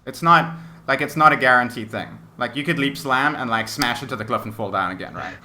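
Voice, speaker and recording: Bright-voiced male game master. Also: mid-range voice, fairly quick, slight background noise. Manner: descriptive, hesitant with many fillers. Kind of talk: narrating a tabletop game.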